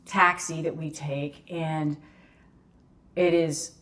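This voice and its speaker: A woman tells a story as a podcast guest, chatting casually. Her voice sits a little low. She acts out the people in the story with lively shifts. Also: slow. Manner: animated storyteller acting out quoted dialogue.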